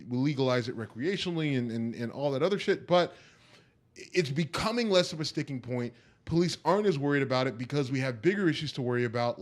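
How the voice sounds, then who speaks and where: A man co-hosting a podcast, arguing his point emphatically in casual chat and checking in with "right?". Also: a little high. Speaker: podcast co-host.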